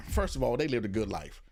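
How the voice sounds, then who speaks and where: A man co-hosting a podcast, chatting casually about a TV show in a slangy, joking way. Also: mid-range voice. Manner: animated, laughing, slangy, acts out scenes in put-on voices. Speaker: podcast co-host. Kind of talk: casual chat reviewing a TV show.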